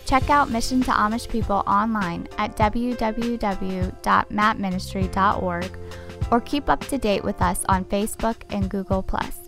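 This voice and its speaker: A woman reads a scripted outro at a mid pitch in an even, courteous tone. Clear music plays behind her. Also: normal speed. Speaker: podcast announcer.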